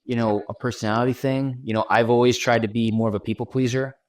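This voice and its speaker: A guest content creator from Washington D.C. thinks out loud in a podcast interview, often checking in with "right?". His medium-pitched voice is quick and fairly even, recorded with no room sound.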